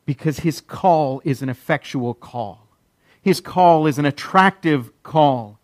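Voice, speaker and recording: A man delivers a sermon in a fairly high voice. He hammers his points with repetition and dramatic pauses. The sound is dry and close. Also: no room sound. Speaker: pastor.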